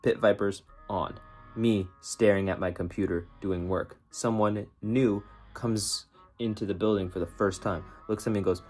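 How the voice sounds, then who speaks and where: A man's voice: lowish voice, fairly even intonation, normal speed, a little mellow, faint music behind. A man vlogging in a casual, rambling way, joking with viewers and talking himself into being productive. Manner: rambling, joking, self-motivating. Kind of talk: casual self-talk vlog.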